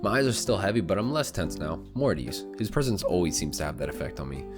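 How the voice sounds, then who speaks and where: A young, low-voiced man reads a visual novel aloud for his gaming channel, talking fast in an excitable, loose manner. He swears and laughs between lines while game music plays underneath.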